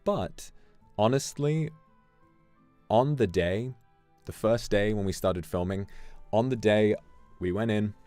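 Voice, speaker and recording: Deep-voiced man telling a story on stream. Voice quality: deep, animated storytelling with sudden pitch jumps. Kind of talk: casual stream chat. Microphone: streaming microphone. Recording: dry close mic, faint music behind.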